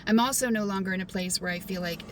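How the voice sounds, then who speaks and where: A woman's voice: mid-range voice, fast talker, background noise. A middle-aged woman from Texas with a mostly neutral American accent and a light Southern twang, chatting to camera in a self-deprecating way. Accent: mostly neutral American, light Southern Texas twang at times. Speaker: vlogger. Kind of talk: casual talk to camera.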